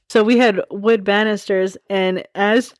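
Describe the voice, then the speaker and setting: A woman in her forties hosting a casual storytelling podcast. She talks in a chatty, giggly way, tossing in wry asides at a middle pitch. The sound is dry and close, with no room around her voice. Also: no room sound. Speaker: podcast host.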